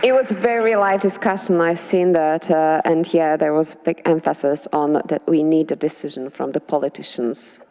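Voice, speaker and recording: A woman moderating a conference, briskly praising a speaker and introducing the next one. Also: sits low, fairly even intonation, mellow, a faint crowd. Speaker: forum moderator. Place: large conference hall. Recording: echoey hall with audience.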